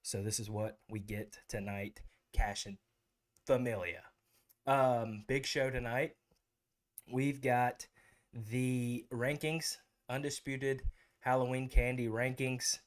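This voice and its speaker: Slow-talking rambling male host. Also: mid-range voice, fairly even intonation. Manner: rambling, with many fillers. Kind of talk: casual livestream chat.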